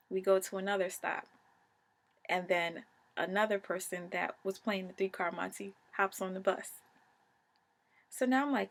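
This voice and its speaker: A young adult woman vlogger telling a personal story in a casual, animated, emotional way. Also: medium pitch, normal speed, gravelly.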